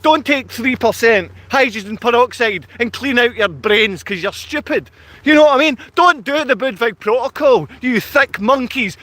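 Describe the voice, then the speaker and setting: A man with a piercing, very high voice rants at his viewers in a livestream. He hurls insults and yells as he talks, tense and forceful throughout. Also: normal speed, no echo. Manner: ranting, insulting, yelling at viewers. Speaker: vlogger. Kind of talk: angry livestream rant. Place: outdoors in his town.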